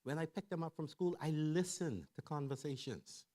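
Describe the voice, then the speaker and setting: A middle-aged man giving a lively sermon-style talk on family and parenting, telling stories conversationally and checking in with the audience. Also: on the high side, normal speed. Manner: animated storyteller who acts out quoted voices. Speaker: church speaker on family and mental health.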